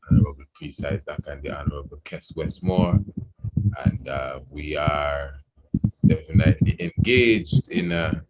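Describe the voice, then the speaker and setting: A low-pitched man with a lilt hosts an evening radio talk, musing at length and filling his thoughts with "you know". The broadcast is buried under loud hiss and clicks. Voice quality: meandering, with frequent "you know". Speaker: radio program host. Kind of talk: reflective radio talk discussion.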